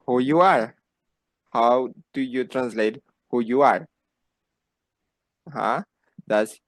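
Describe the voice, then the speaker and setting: A man teaches Spanish, his native language, to beginners at a slow pace, patiently repeating phrases for them to imitate. His pitch is medium, and no room sound comes through.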